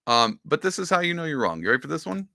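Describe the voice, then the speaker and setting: A man's voice: on the high side, big pitch swings, very fast, vocal fry, bright, forceful tone. A man hosting a podcast, giving casual, rambling political commentary with sarcastic asides. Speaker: podcast host.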